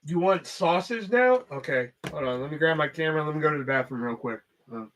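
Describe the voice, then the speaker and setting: A man's voice: on the high side, lively intonation, fairly quick, fairly bright tone, slight background noise. A man hosting a casual livestream chat, rambling and swearing heavily as he talks. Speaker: host.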